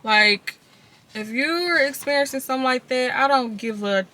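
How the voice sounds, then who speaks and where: Bright-voiced woman telling a candid story. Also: sits high, normal speed. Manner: candid, casual storytelling, addresses viewers directly. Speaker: vlogger. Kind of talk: personal confessional vlog.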